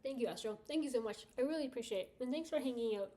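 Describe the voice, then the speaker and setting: A woman's voice: a little high, racing, dark tone. A woman livestreamer chatting casually with her viewers, rambling and laughing often.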